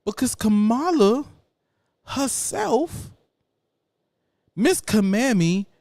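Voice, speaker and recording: A man's voice: on the high side, very animated, measured pace, a little mellow, no echo. A man hosting a political commentary show, slangy and emphatic, repeating lines for effect.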